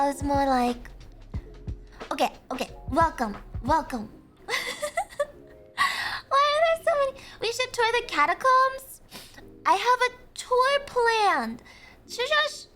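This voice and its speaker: A woman's voice: very high-pitched, big pitch swings, measured pace, pauses often, pushed and bright, soft background music. A woman with an Irish accent, hosting a casual live stream as a playful tour guide, laughing often and swearing casually as she banters with chat.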